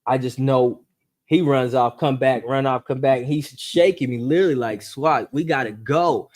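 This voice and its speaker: A man telling a true story as a podcast guest, acting it out with sound effects and speeding up and rising in pitch when the tension builds. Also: moderate pace. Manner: animated storyteller, acts out voices and gunshots; speeds up and rises in pitch at tense moments.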